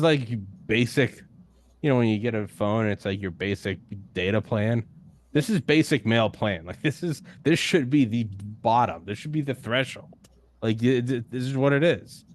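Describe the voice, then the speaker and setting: A man's voice: on the low side, no room sound. A young adult man who hosts a podcast, talking bluntly and emphatically in a casual roundtable, swearing often. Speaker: podcast host guest. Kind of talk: casual discussion.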